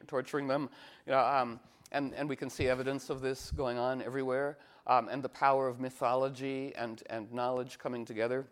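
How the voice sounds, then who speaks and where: A man talking in a meandering casual monologue as an astrologer, full of fillers and restarts, animated and playful. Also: medium pitch. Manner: animated, slips into playful cooing voices.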